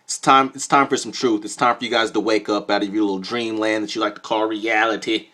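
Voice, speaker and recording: A young man vlogging, telling a comedic story in an animated, jokey, conspiratorial way. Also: on the low side, fairly quick. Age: young adult.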